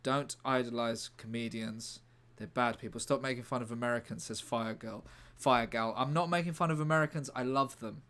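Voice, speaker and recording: A man's voice: medium pitch, fairly even intonation, moderate pace, few pauses, fairly bright tone. A British man streaming as a comedian, rambling and joking casually as he chats to viewers. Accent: British English. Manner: rambling, jokey, chatting to viewers. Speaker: comedian streaming a writing session. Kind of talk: casual livestream chat.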